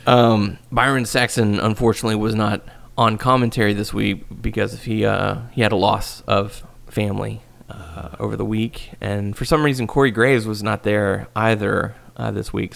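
A man's voice: fairly low pitch, flat delivery, vocal fry, a bit bright. A man hosting a podcast, recapping in a casual chat with many fillers. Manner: recaps wrestling news quickly with many fillers. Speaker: podcast host.

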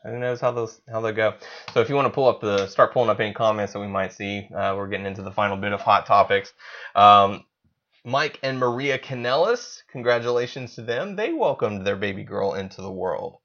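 A man's voice: lowish voice, fairly quick, pushed and bright, lo-fi sound. A man co-hosting a podcast, chatting casually, easygoing and joking. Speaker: podcast co-host. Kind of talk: casual chat.

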